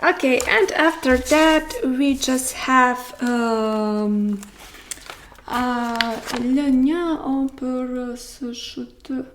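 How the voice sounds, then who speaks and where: Slow-speaking woman with a Croatian accent. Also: sits high, a little hiss or hum. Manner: slow, hesitant, many fillers, careful demonstrations. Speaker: language teacher. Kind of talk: pronunciation lesson.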